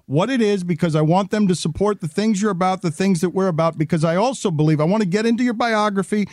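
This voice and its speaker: A man's voice: high voice, fast, a little mellow, no room sound. Effusive middle-aged male host, dry close sound. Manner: effusive, long winding sentences. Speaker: show host and media company head. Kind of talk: casual interview chat.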